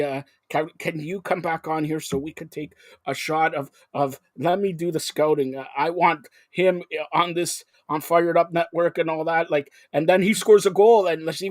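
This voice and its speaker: High-pitched guy hosting a live show, excitable and rambling, dry close sound. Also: normal speed, hardly any pauses, no room sound. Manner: excitable, rambling, jumps between topics. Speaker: host. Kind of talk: live call-in broadcast chat.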